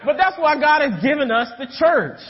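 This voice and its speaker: His very high voice swinging widely in pitch at a normal pace, a young man preaches a storytelling, conversational sermon, often checking with listeners by saying "right?" The sound from the church sanctuary is dull, with long reverb.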